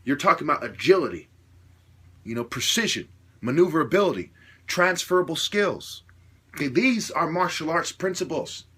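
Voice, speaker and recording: Husky, bright-voiced man lecturing hard. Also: expressive, normal speed. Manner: lecturing, repetitive rhetorical questions, swears; grows louder and higher when worked up. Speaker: self-styled martial artist ranting to camera. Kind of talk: opinionated monologue.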